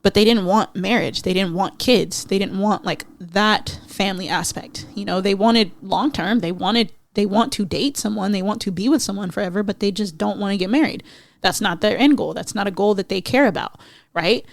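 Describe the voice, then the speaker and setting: A woman's voice: medium pitch, normal speed, vocal fry. A woman hosting a solo podcast, ranting bluntly and with profanity, slipping into mocking voices to make her points. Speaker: podcast host. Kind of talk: casual solo rant.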